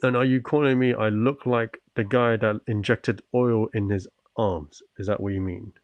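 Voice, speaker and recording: A man's voice: lowish voice, fairly even intonation, moderate pace, no echo, muffled recording. A man from the UK chatting on his livestream, answering viewers politely and earnestly after a stretching session. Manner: polite and earnest, often thankful; talks while stretching and working out.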